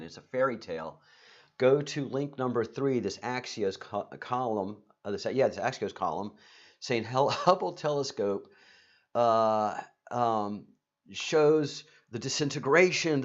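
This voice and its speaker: A man hosting a live stream in a casual monologue, rambling and halting with many fillers and restarts, breaking into sarcastic, excitable asides. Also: fairly low pitch, dull audio.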